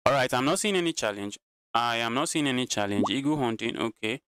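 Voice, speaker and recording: A man's voice: medium pitch, expressive, brisk, a bit bright, clear, resonant tone, no room sound. A man commentating his own live chess games, talking to his chat and repeating phrases while he plays, sounding tired. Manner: repeats himself, talks to chat. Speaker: chess streamer.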